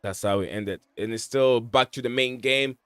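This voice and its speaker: Smooth, dry-voiced man chatting over a match. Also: medium pitch, moderate pace, fairly bright tone, no echo. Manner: chatty, rambling, many fillers and restarts. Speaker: watch-along host. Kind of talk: casual live match commentary.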